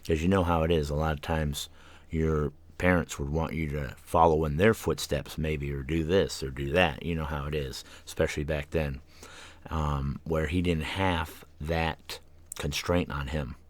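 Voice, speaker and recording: Super low-voiced guy rambling on his radio show, tired and yawny, dry close mic. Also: fairly even intonation, a little slow, no room sound. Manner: rambling, tangent-prone, with many fillers and yawns. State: tired, yawning. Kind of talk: casual rambling monologue. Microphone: studio microphone.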